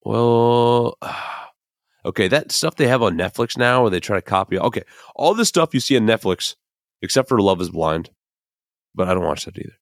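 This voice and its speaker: A man's voice: fairly low pitch, animated, normal speed, no room sound, clean studio sound. A young man from the American Midwest hosting a podcast, rambling in casual, emphatic commentary full of fillers and the odd curse word. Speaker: podcast host.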